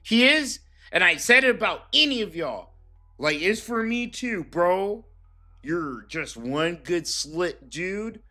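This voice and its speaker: A man's voice: high voice, lively intonation, slow, sharp tone, faint music behind. A man ranting casually and profanely while reacting to clips on his stream. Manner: profane, rambling, emphatic. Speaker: streamer commentator. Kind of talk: casual commentary rant.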